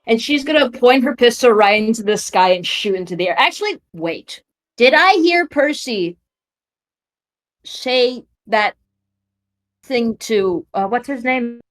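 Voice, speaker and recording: A woman's voice: fairly high pitch, expressive, unhurried. A woman playing a tabletop game, bubbly and giggly while deciding her move. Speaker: player. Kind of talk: casual play at a tabletop game.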